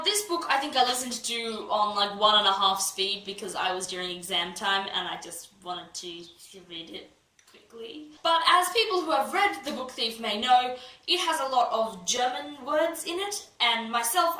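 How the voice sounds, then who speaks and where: Young female book vlogger, bright and eager, a touch high; recorded a bit off-mic in an echoey room. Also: lively intonation, moderate pace, recorded from a distance. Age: young adult. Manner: gushing, enthusiastic, trails off into asides. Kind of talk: casual chat.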